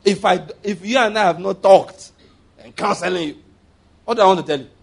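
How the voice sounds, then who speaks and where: Brisk and gravelly with a high voice, this Nigerian pastor delivers a church sermon. He weaves in stories, hammers home phrases by repeating them, and guides the congregation through declarations.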